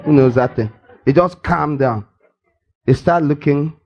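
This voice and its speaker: An older man preaching, his voice pitched high with a gravelly rasp running through it. He teases his congregation playfully, acting out little everyday scenes to make his point. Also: a little slow, highs cut off. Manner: playful and teasing, acts out scenes, laughs often. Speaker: pastor. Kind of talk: lively church sermon. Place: church hall.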